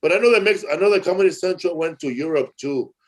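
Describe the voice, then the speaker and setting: A man's voice: sits high, lively intonation, quick pace. A middle-aged man hosting a podcast, telling rambling stories in a loose, slangy way full of "bro" and "man". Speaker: podcast host. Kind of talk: casual storytelling chat.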